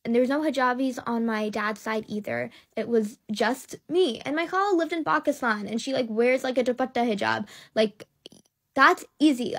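A woman's voice: a little high, moderate pace. A young woman talking to camera in a casual, heartfelt way, emotional and close to tears, rambling with lots of likes and ums. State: tearful. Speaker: social media creator.

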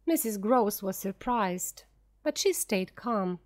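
A woman reading a ghost story aloud for English learners, slowly, clearly and deliberately. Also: medium pitch, lively intonation. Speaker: audiobook narrator. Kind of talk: scripted narration for English learners.

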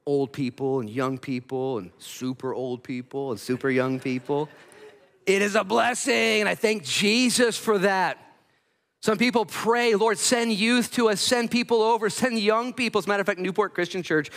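A male pastor preaching a sermon in a church sanctuary, telling the story with animated, conversational energy. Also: on the high side, a little fast. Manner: animated storytelling, voices Bible characters in quotes.

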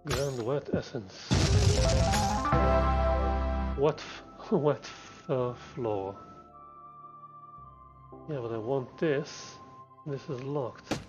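A man's voice: medium pitch, drawn-out words, pauses often, lo-fi sound. Man muttering over gameplay, music behind. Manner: muttering thoughts aloud while playing. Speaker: streamer. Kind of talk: casual gameplay commentary.

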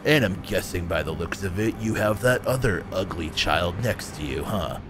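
A man's voice: deep voice, animated, normal speed, over music, pitched below the performer's own voice. Man doing a sneering supervillain dad. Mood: gloating. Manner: sneering, taunting, laughs at others. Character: gloating male supervillain father, cruel and mocking.

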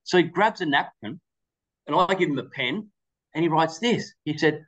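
A man's voice: a little high, animated, moderate pace, a bit bright, lo-fi sound. A man giving a webinar presentation, telling anecdotes with quoted dialogue. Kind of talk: storytelling presentation.

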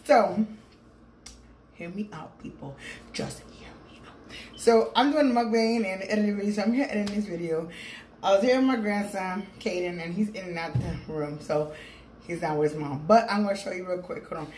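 A woman's voice: medium pitch, fairly quick, darkish tone. Middle-aged lady rambling at home for her vlog, echoey room, faint hum behind. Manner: rambling and chatty, calls viewers "people". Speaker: vlogger. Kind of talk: casual mukbang vlog chat. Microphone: phone with small clip-on mic.

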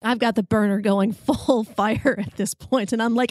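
A woman hosting a podcast, telling a funny personal story in a wry, self-mocking, animated way. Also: a little high, moderate pace, few pauses, no echo, studio quality. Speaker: podcast host.

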